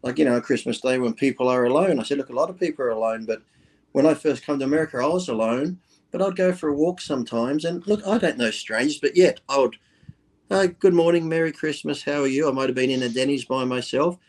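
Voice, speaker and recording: A man's voice: medium pitch, fast, a little mellow. A man from Australia talking bluntly on a podcast, cursing freely. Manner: blunt and profane, talks in plain everyday terms. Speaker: podcast guest. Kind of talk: casual chat.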